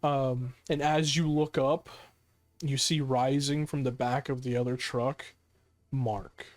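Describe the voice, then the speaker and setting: A man's voice: mid-range voice, fairly even intonation, takes it slowly. A man running a tabletop horror game as game master, narrating vividly with many fillers.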